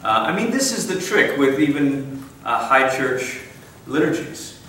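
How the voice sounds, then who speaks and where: A man's voice: medium pitch, big pitch swings, unhurried, bright, forceful tone, slight background noise. Conversational man in a roomy hall. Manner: conversational, self-interrupting, wry asides. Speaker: conference speaker. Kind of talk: church conference talk. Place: large room. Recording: echoey room, mic at a distance.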